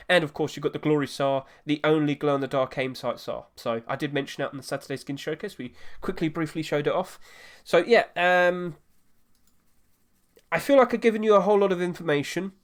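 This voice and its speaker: This man's voice is a little high and brisk. In a relaxed solo commentary on market prices, the gaming market commentator chats along, wanders off track a bit, and keeps fixing what he just said.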